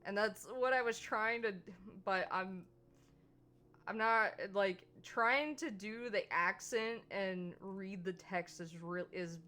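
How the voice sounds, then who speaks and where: A woman streamer chatting through a visual novel in loose, rambling asides. Her voice is bright and clear at an ordinary middle pitch, easygoing and talky. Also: slow. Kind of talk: casual gameplay commentary.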